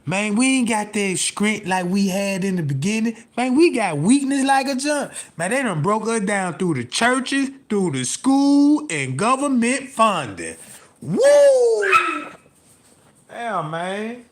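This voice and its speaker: A man's voice: sits high, big pitch swings, unhurried, few pauses. A man telling loose, profane stories on a live stream, laughing often and tossing in constant asides. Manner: laughs often while talking. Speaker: livestream host. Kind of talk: rambling live-stream rant.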